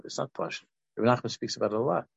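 A man's voice: medium pitch, rapid-fire, gravelly, slightly rough, no echo, lo-fi sound. A man in his sixties, a religious teacher and counselor, giving an informal Torah talk that rambles through restarts and asides.

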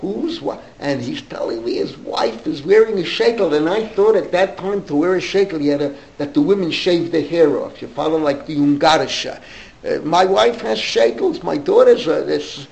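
Gravelly older New man rambling. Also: a little high, animated, moderate pace, darkish tone. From New York. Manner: digressive, many fillers and restarts. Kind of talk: rambling anecdotal storytelling. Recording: roomy echo, faint background noise.

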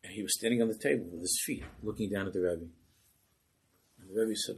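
A man telling a Hasidic story as a sermon, animated and acting out the voices. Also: fairly low pitch, fast talker, slight background noise, rough recording.

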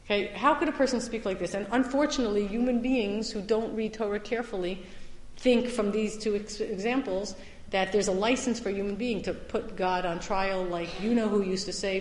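A woman teaching a Torah class as a summer lecture, stressing some points loudly and dropping into quiet asides. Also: medium pitch, a little fast, slight background noise. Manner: emphatic, swings between loud stresses and quiet asides. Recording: echoey hall with long reverb.

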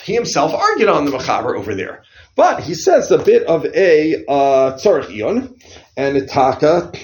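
A man leads a study class on religious law, throwing questions to his students as he teaches. His voice sits high and swings up and down with lively emphasis. The classroom has a roomy echo. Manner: animated, questioning, keeps asking the class. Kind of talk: halacha study lecture.

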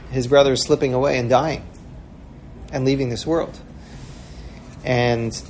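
Male preacher, earnest parable teller with a slightly high voice; faint room noise. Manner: earnest storyteller, acts out quoted voices. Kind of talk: sermon-style storytelling.

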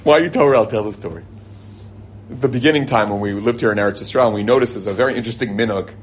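A man telling lively stories to a group and weaving in religious teaching, often jumping into a high excited voice when he quotes people. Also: fast talker, slight background noise. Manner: animated storyteller, jumps to a high excited voice when quoting people; chuckles and restarts mid-sentence. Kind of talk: storytelling talk with religious teaching. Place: lives in Israel.

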